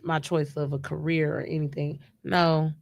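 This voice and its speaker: A woman's voice: deep voice, level tone, moderate pace, vocal fry, darkish tone, dry recording, studio quality. A grieving woman talking casually in a live stream chat, emotional and rambling, often restarting her sentences. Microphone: live stream mic.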